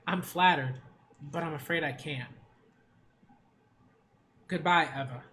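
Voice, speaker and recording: An actor voicing a calm, restrained doctor in an anime dub, speaking quietly and politely. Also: male voice, a little high, slow, slight background noise. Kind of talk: English anime dub acting.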